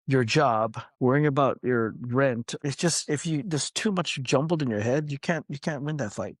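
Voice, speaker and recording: A man, a martial arts coach, guest on a podcast, telling stories in a loose, energetic way, swearing casually and acting out what people said. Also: medium pitch, no room sound, clean studio sound. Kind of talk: casual storytelling interview.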